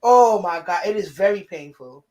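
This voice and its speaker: A middle-aged woman co-hosting a casual spiritual talk show, telling stories in quick bursts with restarts. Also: medium pitch, warm tone. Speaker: podcast co-host. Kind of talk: casual chat.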